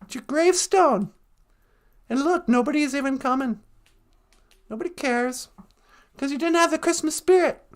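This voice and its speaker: A woman's voice: high-pitched, normal speed, pauses often, close to an everyday voice. A woman voicing a male Christmas ghost who lectures in a matter-of-fact, scolding way in a comic retelling. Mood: grim.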